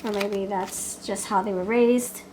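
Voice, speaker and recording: A woman's voice: medium pitch, steady tone, unhurried, a little mellow, slight background noise, poor audio. A woman giving a casual pick-a-card tarot reading, playful and chatty, laughing often as she talks. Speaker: tarot reader.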